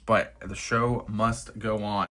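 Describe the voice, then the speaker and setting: A man's voice: on the low side, flat delivery, slow pace, a bit bright. A young man chatting casually while he paints a miniature at his desk, thinking aloud and poking fun at himself. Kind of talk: casual narration over a painting session.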